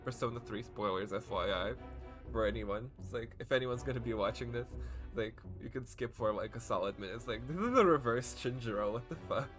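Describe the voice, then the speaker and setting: A male streamer talks through a game in a loose, rambling way, full of fillers and swearing. He sounds choked up and close to tears. Game music plays loudly under his voice. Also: medium pitch, brisk. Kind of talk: live gameplay commentary.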